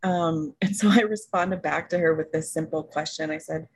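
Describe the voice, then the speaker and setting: A woman's voice: low-pitched, normal speed, breathy edge, low-quality recording. A woman coaching student sharing a story from a session on a group call, thoughtful and casual. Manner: thoughtful storytelling, laughs softly.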